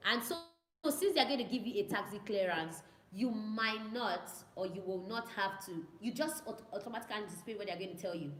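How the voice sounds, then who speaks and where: A woman's voice: mid-range voice, fairly quick, fairly bright tone. A young woman, a student pilot, chatting casually with viewers, repeating herself and mimicking radio calls. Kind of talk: casual chat answering viewer questions. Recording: echoey room with faint ambience.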